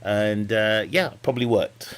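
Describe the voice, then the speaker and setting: High-voiced man joking on a game stream. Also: a bit bright. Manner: rambling, joking, laughs often, swears. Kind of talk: casual live-stream chat.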